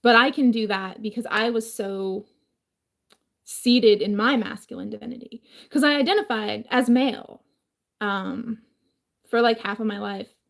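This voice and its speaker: A woman's voice: fairly high pitch, unhurried, vocal fry. A woman talking casually in a rambling home vlog from her kitchen, her voice changed by a throat injury, full of fillers and swearing. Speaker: vlogger.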